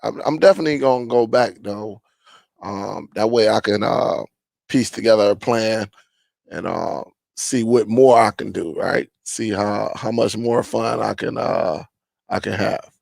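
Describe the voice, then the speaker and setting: Creaky-voiced man hosting a casual live chat. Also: fairly low pitch, unhurried, no echo. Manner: relaxed, greets viewers and reads chat aloud; rambling with many fillers. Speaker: live stream host.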